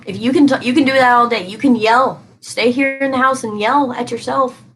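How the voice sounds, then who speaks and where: A woman's voice: a little high, fairly even intonation, fairly quick, a bit bright, slight background noise, rough recording. A woman giving a live-stream tarot reading, talking casually and emphatically to her viewers and answering their comments as she goes.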